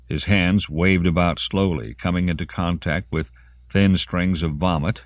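A man narrating an audiobook in an expressive voice, lingering on grim detail. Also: deep voice, unhurried, no room sound, highs cut off. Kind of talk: scripted narration.

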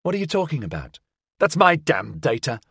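A man reading an audiobook, voicing a defiant woman scientist who turns sharp and shaken under questioning. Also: on the high side, wildly swooping pitch, moderate pace, husky, no echo, clean studio sound, voice pushed up, heavily acted. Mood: indignant.

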